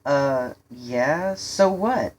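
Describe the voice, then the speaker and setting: A woman's voice: extremely low pitch, animated, extremely slow, darkish tone, heavily acted. A woman voicing a cocky young boy who teases his friends in a storybook reading. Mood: mocking. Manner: mocking. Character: cocky teasing boy, ready to fight.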